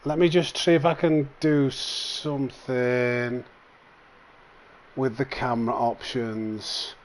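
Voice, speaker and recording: A man's voice: medium pitch, takes it slowly. A man streaming a racing game live, chatting and muttering reactions to his own driving. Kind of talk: live gameplay commentary. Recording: steady background noise.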